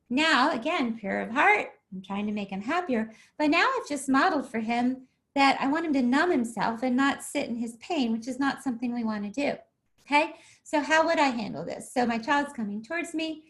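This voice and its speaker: A woman with a high voice walks her listeners through a parenting method step by step. She keeps checking in with "okay?" and "right?", and briefly takes on the voices of parent and child. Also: expressive, a bit bright. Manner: acts out parent and child with quick shifts in voice. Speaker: parenting coach. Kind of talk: explanatory talk on parenting.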